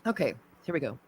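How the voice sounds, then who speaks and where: Host reading a letter aloud, stumbling. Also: male voice, high voice, a little mellow, husky. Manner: reads with stumbles and self-corrections. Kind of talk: casual political discussion and reading a letter aloud.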